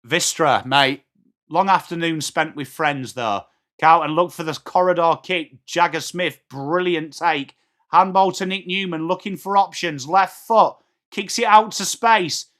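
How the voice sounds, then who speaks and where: Commentating a football watchalong live, this English man is excitable, cracking jokes, cursing and yelling at the key moments. He sounds a little high and a little slow.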